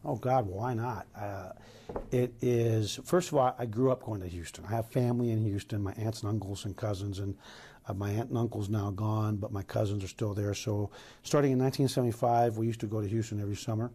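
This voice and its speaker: A man's voice: lowish voice, steady tone, fairly quick, mellow, husky. A middle-aged man from Los Angeles, a police chief answering news interview questions in an earnest, emphatic way with many restarts.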